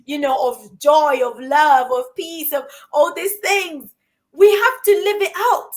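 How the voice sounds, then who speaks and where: A woman co-hosting a conversation, telling a story in an animated way and asking rhetorical questions. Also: sits high, a little slow. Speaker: co-host.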